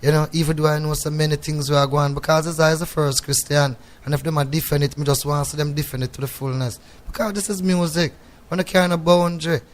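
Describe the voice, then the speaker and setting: A Jamaican man talks in thick patois in a radio studio, sounding reflective and a little preachy. His voice sits somewhat high for a man. He keeps pulling the listener in with "you know what I mean". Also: steady tone, fast. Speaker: guest reggae artist.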